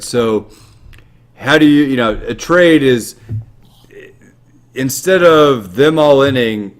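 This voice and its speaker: A man co-hosting a gaming podcast, explaining strategy in an animated, joking way with plenty of swearing. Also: mid-range voice. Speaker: podcast co-host. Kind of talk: casual gaming podcast talk.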